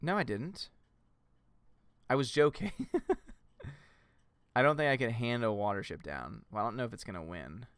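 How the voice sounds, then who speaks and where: A man's voice: medium pitch, expressive, normal speed, pauses often, fairly bright tone, smooth, dry recording, clean studio sound. A man with a Southern US accent hosting a casual livestream, playful and joking with his viewers. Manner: playful, joking, laughs often. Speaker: livestream host.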